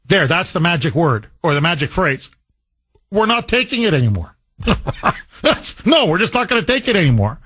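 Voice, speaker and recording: High-voiced, emphatic talk radio host. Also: male voice, very animated, moderate pace, a bit bright, slightly rough, dry recording. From Canada. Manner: emphatic, repeats key phrases for punch. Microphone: studio microphone.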